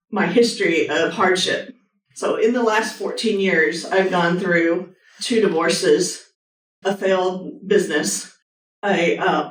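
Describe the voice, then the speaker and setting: A woman, a surgeon giving a live motivational talk and speaking earnestly and directly to her audience. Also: on the low side. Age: 50s. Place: hospital meeting room with an audience. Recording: echoey room, mic at a distance.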